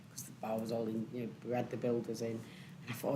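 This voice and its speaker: A woman on a panel, telling a personal story candidly and emotionally, with many pauses and ums. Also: a bass voice, flat delivery, dark tone, a little hiss or hum. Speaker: panel speaker.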